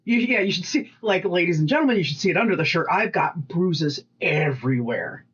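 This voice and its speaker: A woman co-hosting a casual podcast, telling animated work stories, acting out voices and swearing freely. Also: on the low side, fairly quick, husky, dull audio. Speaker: podcast co-host. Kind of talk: casual storytelling chat.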